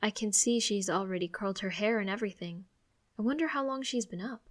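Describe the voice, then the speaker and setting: A woman reading a first-person audiobook aloud in a mid-range voice. Her narration is expressive and conversational, like a personal diary told out loud. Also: mid-range voice, brisk.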